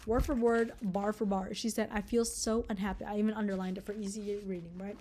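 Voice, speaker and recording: A woman's voice: mid-range voice, steady tone, fairly quick, mellow. A young woman reviewing a book in a casual vlog, ranting, sarcastic and swearing freely. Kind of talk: casual book review with read-aloud passages.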